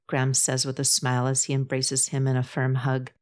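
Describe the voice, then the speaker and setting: A woman with a notably low voice narrates a novel. She keeps a measured, even storytelling pace and reads the characters' dialogue within the narration. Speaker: audiobook narrator. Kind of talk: scripted narration.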